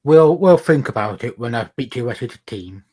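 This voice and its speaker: A man's voice: medium pitch, lively intonation, fairly quick, darkish tone, slightly rough. A man playing a tabletop game, giving short casual replies. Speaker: player. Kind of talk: casual chat.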